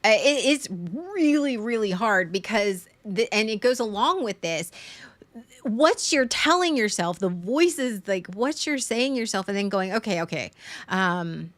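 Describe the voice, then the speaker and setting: A woman hosting a livestream, talking frankly in a halting way with many fillers and restarts, and making fun of herself. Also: a little high, big pitch swings, no echo. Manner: frank and self-deprecating. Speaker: livestream host. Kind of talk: candid casual livestream chat.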